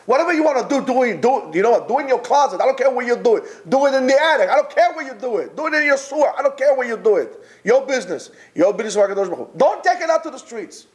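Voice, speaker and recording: A man giving an informal Torah class, emphatic and rhetorical, who repeats his points and often restarts his sentences. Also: extremely high pitch. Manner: talks directly to absent listeners. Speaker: Torah teacher.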